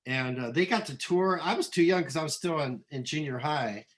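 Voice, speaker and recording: A middle-aged man from Southern California, a musician being interviewed, talking in a relaxed, rambling way with many ums and restarts. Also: on the high side, moderate pace. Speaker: musician guest. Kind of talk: casual interview.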